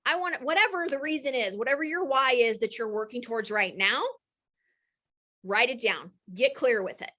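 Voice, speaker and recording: A woman in her thirties or forties, hosting a live coaching session with energetic, motivational enthusiasm. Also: on the high side, normal speed. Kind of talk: live-streamed coaching talk.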